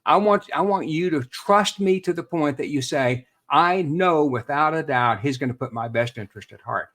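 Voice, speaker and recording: A man's voice: fairly high pitch, moderate pace, a bit bright. A man, a real estate expert guest on a podcast interview, explaining earnestly and repeating words as he thinks.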